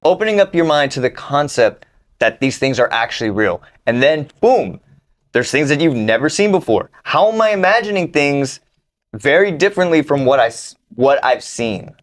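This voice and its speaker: A young man co-hosting a casual podcast, telling a personal story haltingly with restarts, then protesting excitedly. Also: fairly high pitch. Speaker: podcast co-host. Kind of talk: casual chat.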